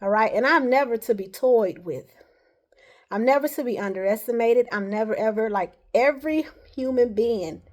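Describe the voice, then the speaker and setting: A woman with a slightly higher voice talks straight to camera in a loose, rambling monologue. She keeps pressing her points earnestly and checks in with a steady "all right" as she goes. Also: normal speed. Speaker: vlogger.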